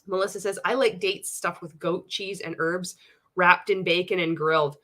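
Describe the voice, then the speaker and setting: A woman's voice: on the low side, normal speed. A woman hosting a casual livestream, reading chat comments aloud and mocking a coach, swearing freely and laughing often. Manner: profane, laughing often, animated and teasing.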